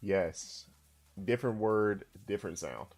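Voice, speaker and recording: A man streaming a casual language lesson, who swears in loud outbursts and reads chat aloud. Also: on the low side, animated, measured pace, faint music behind. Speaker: streamer teaching Japanese.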